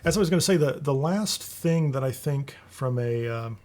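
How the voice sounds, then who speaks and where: A man hosting a video game guide, talking casually over gameplay in a relaxed, rambling way that often restarts sentences. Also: mid-range voice, moderate pace.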